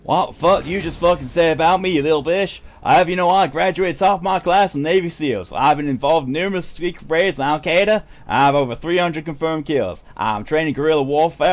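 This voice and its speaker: A man's voice: a little high, pitched above the performer's own voice, close to an everyday voice. A man voicing a furious, boasting soldier with an American accent, ranting profanely. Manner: shouted, profane tirade.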